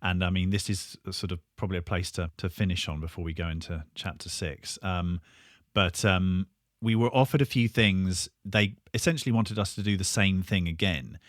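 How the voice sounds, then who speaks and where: Brief: bandmate, very low voice, reflective and hesitant, dry close sound. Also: male voice, normal speed, no room sound. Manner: thoughtful, hesitant with ums. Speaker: band member. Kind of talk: reflective podcast chat.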